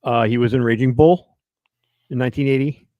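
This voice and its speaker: A man's voice: medium pitch, steady tone, a little fast, no room sound, lo-fi sound. Man, podcast co-host, casual chat, swearing, movie buff, dry sound. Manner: swears freely, reels off film trivia.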